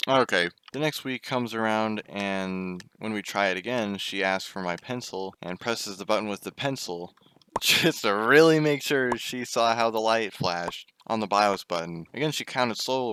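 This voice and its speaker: A man's voice: fairly low pitch, normal speed, fairly bright tone, slight background noise. A young man telling a casual story while gaming, chatty, swearing and breaking off to react to the game. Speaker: gaming YouTuber.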